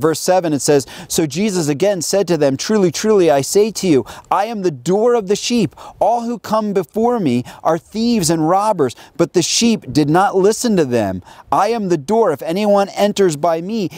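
American male pastor, outdoor sermon, slightly high voice, dry sound, stumbles and restarts. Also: a little mellow, dry recording. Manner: conversational preaching with frequent restarts. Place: outdoors near a sheep pen.

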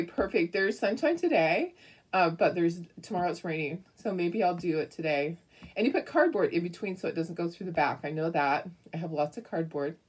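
Chatty low-voiced woman hosting a craft stream. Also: slightly rough. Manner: chatty and affectionate, greets viewers by name. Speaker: crafting livestream host. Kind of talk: casual livestream chat with viewers.

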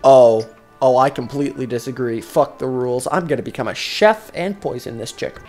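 A man doing casual gameplay commentary, jokey and profane, breaking into loud excited outbursts. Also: mid-range voice, moderate pace, faint music behind. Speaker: gaming commentator. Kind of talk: casual let's-play commentary.

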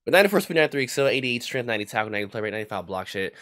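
A young man giving casual running commentary over a football video game, trash-talking and yelling when heated. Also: mid-range voice, very animated, very fast, no echo, studio quality. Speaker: gaming YouTuber. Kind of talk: live gameplay commentary.

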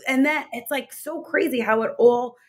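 A woman's voice: high-pitched, normal speed, breathy edge. A woman health coach as an interview guest, talking enthusiastically and rambling with many fillers. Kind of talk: conversational interview.

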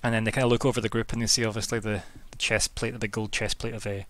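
A man's voice: on the low side, flat delivery, very fast, no room sound. A man narrating as game master of an online tabletop game in a loose, rambling way full of fillers. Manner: casual, rambling, lots of fillers. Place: home, online voice call.

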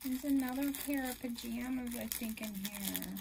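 A young adult woman gushing in a casual unboxing vlog, emotional and effusive, at times dropping to a soft whisper. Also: on the high side, moderate pace, gravelly, heavy background noise. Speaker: reborn doll collector vlogger.

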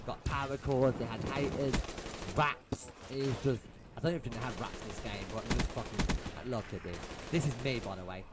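A young man, a gaming YouTuber, rants profanely and with exasperation over a replay of his own match, his voice medium in pitch and moderately paced. The recording is very noisy, with game gunfire and shots loud behind him.

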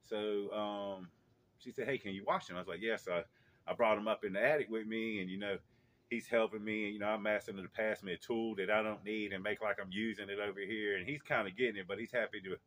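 A middle-aged man with a fairly low voice tells a personal story outdoors in a yard. He rambles casually, full of fillers, restarts and side remarks. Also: steady tone, fairly quick, fairly bright tone.

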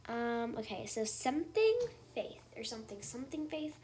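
Woman, excitable, gasping, gameplay commentary, slightly high pitch. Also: moderate pace, a little hiss or hum. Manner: excitable, gasping, many exclamations. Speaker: gaming channel host.

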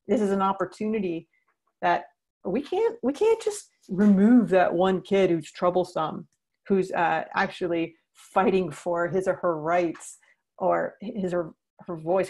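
A woman trainer answers teachers' questions in an earnest, explanatory way, often acting out the words she would say to a child. Her voice sits fairly low, with a gravelly edge. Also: a little mellow. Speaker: social-emotional learning trainer.

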